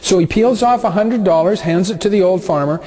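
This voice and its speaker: A man teaching a business lesson through a relaxed, conversational story, with frequent fillers. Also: high-pitched, fairly quick.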